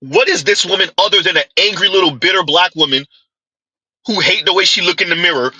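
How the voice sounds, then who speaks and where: Scornful high-voiced man commenting. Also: a little fast, pushed and bright, slightly rough, no echo, highs cut off. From United States. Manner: mocking, scornful, rhetorical "huh?" and "yawn". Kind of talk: opinion commentary vlog.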